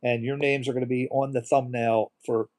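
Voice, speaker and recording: Middle-aged male live stream host; warm low-key tone, emotional, reads viewer comments aloud. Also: flat delivery, moderate pace. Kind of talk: casual live stream chat.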